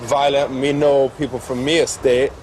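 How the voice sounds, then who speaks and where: Comedy casting: an actor as a dim slang-talking interviewer in a noisy setting. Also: male voice, mid-range voice, little pitch movement, darkish tone, natural voice. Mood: clueless. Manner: mock street slang, deliberately ignorant questions. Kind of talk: comic prank interview. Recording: TV interview with background noise.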